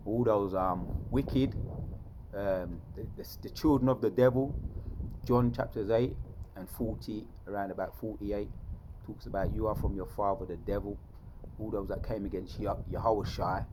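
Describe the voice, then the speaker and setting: Low-voiced man musing on scripture. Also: darkish tone, a little hiss or hum, rough recording. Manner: rambling, quotes scripture, keeps saying "man". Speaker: vlogger. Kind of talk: casual religious musing.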